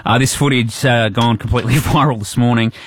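A man's voice: medium pitch, steady tone, brisk, a bit bright, slight background noise. A man with an Australian accent hosting breakfast radio, chatty and upbeat with lots of fillers. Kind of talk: casual radio banter.

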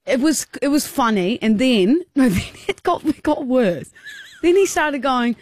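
Lively woman telling a radio story. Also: unhurried, no room sound, clean studio sound. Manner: animated, acts out quotes with high squeaky voices, laughs often. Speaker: radio co-host. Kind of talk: casual radio banter, storytelling.

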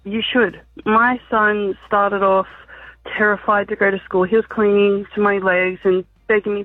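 A woman's voice: medium pitch, level tone, moderate pace, no room sound, faint music behind. A woman calling in to a radio show, speaking emotionally and tearfully about her son. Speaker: caller. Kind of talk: phone-in call. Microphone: telephone. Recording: tinny phone line.

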